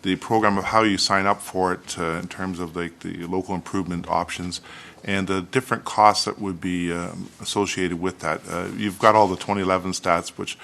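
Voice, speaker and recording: A man's voice: low-pitched, steady tone, normal speed, gravelly, fairly bright tone. A man, a councillor, politely asking staff for an update during a council meeting, with frequent fillers. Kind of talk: council debate.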